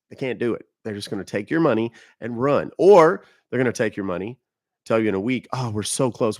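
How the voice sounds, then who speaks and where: A livestream host from the United States chats informally with his viewers and hands out blunt, emphatic warnings. His voice is lowish, and the audio is dry with clean studio sound.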